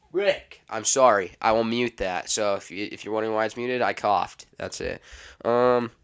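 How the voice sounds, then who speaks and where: A man's voice: fairly low pitch, animated, moderate pace, clean tone. Rambling, exasperated male podcast host. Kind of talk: solo podcast monologue.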